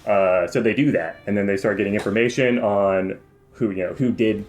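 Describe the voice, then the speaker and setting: A man's voice: lowish voice, fairly even intonation, a little fast. A man co-hosting a podcast, summing up a movie in a rambling, profane way and tripping over his words. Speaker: podcast co-host. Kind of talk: casual movie review chat.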